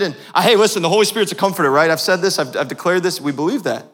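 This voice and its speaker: A man preaching a sermon as a pastor, passionate and joking with his congregation, swinging from hushed tones to loud, fervent peaks. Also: high-pitched, expressive, very fast, breathy edge. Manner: laughs and jokes with the congregation. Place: church sanctuary. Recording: long reverb of a church hall.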